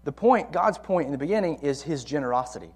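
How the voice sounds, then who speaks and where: A man's voice: on the high side, expressive, fast, husky. A man teaching a Bible lesson to a college ministry, speaking conversationally and repeating key words for emphasis.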